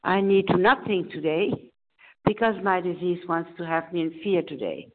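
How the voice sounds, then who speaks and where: A woman calling from Germany who shares a personal testimony in a meeting, halting and repeating phrases as she searches for words. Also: lowish voice, lively intonation. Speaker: meeting attendee sharing. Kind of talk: personal testimony on a phone call. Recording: tinny phone line.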